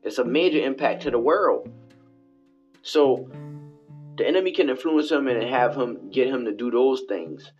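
A man's voice: medium pitch, moderate pace, pauses often, a little mellow. A man hosting his own podcast alone in his bathroom, rambling and preaching in a late-night monologue that keeps circling back and repeating itself. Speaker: podcast host. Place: bathroom at home. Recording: dull lo-fi home recording with faint music.

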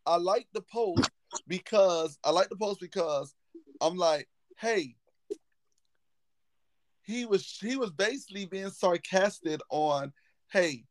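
A football coach hosting a casual podcast talks emphatically, hammering his points by repeating words. His voice is high-pitched and unhurried, and the recording is dry.

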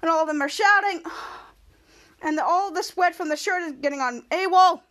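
A woman's voice: very high voice, normal speed, a bit bright. A woman hosting a podcast, casually recapping a TV episode scene by scene, rambling with frequent restarts. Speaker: podcast host.

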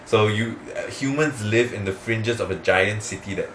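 A man's voice: lowish voice, moderate pace, fairly bright tone, echoey room, slight background noise, low-quality recording. A man co-hosting a podcast, chatting casually and enthusiastically with lots of fillers and restarts. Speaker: podcast co-host. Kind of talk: casual chat, recommending anime.

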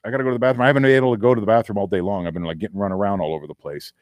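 A man's voice: lowish voice, fairly even intonation, very fast, dry recording. A middle-aged man, a former football player, telling a story in a casual interview and acting out the voices he quotes.

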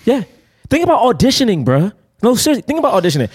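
A young man co-hosting a casual film-review podcast, talking in an emphatic, animated way with casual swearing. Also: sits high, racing, husky. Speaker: podcast co-host.

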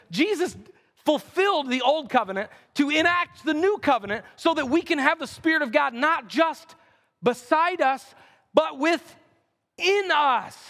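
A man with a strikingly high voice preaches from a church stage, his words ringing out through a long hall reverb. He reads scripture in a steady cadence and builds with urgency as he presses each point. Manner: preaching with rising intensity and scripture reading. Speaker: pastor. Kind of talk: sermon. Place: church sanctuary.

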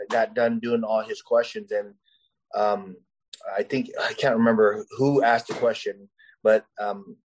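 A man's voice: medium pitch, low-quality recording. A man, a professional fighter, telling stories in a casual interview, rambling and full of fillers. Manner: rambling, heavy with "you know" and "uh" fillers.

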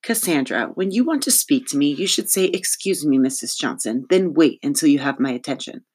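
A fussy school principal with a prim, scolding way of talking, pitched well up and lively. A narrator puts her on in a storybook reading. She corrects and lectures in a neat, proper tone. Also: fairly quick, husky. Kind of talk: audiobook character voice.

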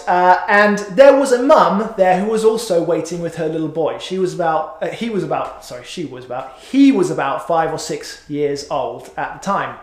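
A middle-aged man preaching a sermon in a church, chatty and self-mocking, with many "uh"s. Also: high-pitched. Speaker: pastor. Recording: echoey hall.

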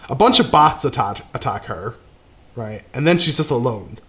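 A man casually recapping a horror film's plot, trailing off quietly and tagging "right?" onto his sentences. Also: medium pitch, lively intonation, moderate pace. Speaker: podcast co-host recapping a film. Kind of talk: casual chat.

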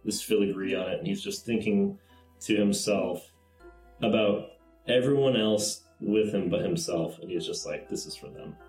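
A man's voice: lowish voice, normal speed, a little mellow, soft background music. A man playing a tabletop game, describing his character's actions hesitantly, with lots of fillers. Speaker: player. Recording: echoey room.

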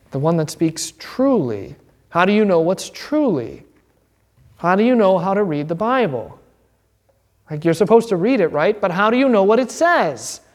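A man, a pastor, teaching an informal Bible class in an animated, joking way. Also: sits high. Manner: animated, joking, acts out quoted voices.

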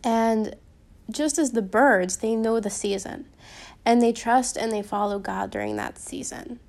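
A woman's voice: on the high side, big pitch swings, unhurried, darkish tone. Chatty woman with a slight Midwestern accent. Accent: slight Upper Midwestern. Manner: chatty and rambling, with many ums and restarts. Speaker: podcast host. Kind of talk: casual Christian podcast monologue.

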